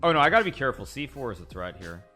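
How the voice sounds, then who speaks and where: A man's voice: mid-range voice, sing-song, rapid-fire, sharp tone, soft background music. A man live-streaming a chess game, thinking aloud about his moves and chatting with viewers in a rambling way. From United States.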